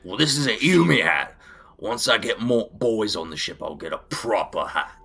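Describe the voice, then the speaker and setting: A man's voice: on the low side, lively intonation, moderate pace, sharp tone, slightly rough, soft background music, voice pushed up, exaggerated voice. A man voicing a boastful ork pirate admiral in a put-on Cockney accent, with slangy, broken grammar. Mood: gruff.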